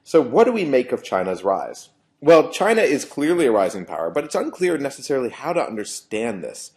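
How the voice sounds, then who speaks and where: A man lecturing to a class at a middle pitch. He explains step by step and often restarts his phrases. His delivery stays plain and conversational. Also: sing-song, brisk, darkish tone. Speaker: professor. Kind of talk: university lecture.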